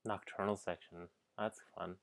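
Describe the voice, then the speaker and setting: Low-voiced man chatting through a reaction. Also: flat delivery, a little slow, gravelly. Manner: chatty and easily amused, talks to his dog. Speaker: reaction video host. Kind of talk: casual reaction commentary.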